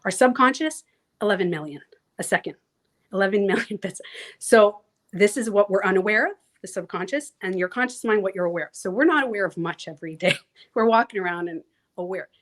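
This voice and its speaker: A woman coach talking casually in an interview, animated and frank, who swears freely and acts out the voices she quotes. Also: medium pitch, fairly quick. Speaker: transformation coach, guest.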